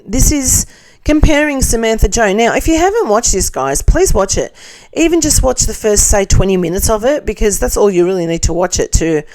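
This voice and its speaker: A woman's voice: medium pitch, a little mellow. A middle-aged Australian woman hosting a casual commentary chat, reading viewer comments aloud with blunt, sarcastic, laughing asides.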